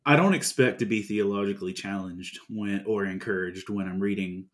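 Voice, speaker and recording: A man's voice: lowish voice, normal speed. A man co-hosting a podcast in casual chat, talking animatedly and reading lines aloud with feeling. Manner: animated, reads comic quotes aloud with feeling. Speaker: podcast co-host.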